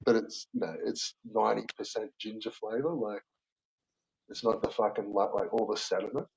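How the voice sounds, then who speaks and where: A man's voice: on the low side, fairly even intonation, moderate pace, gravelly, a little mellow, slight background noise, poor audio. A young man telling a story in casual chat, swearing a lot, laughing as he goes and putting on the voices of the people he quotes. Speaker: bar worker telling a story.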